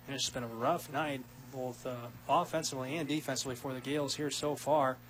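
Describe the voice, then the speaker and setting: A man doing play-by-play radio commentary of a softball game, quick and rising with big plays. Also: mid-range voice, steady tone, slight background noise. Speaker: play-by-play announcer.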